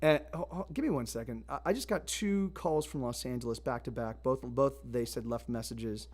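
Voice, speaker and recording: A man's voice: mid-range voice, moderate pace, darkish tone. A man hosting a live music stream, chatting casually and rambling in a friendly way as he greets viewers by name. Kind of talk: casual livestream chat. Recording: guitar music in the background.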